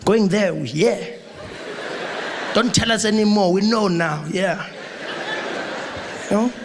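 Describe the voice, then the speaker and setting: A young man with a South African accent tells a stand-up story to a live crowd, jumping into quick acted-out voices. His voice sits high for a man. A faint ambient hum lingers under the recording. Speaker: stand-up comedian. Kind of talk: stand-up comedy routine. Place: live comedy venue with audience.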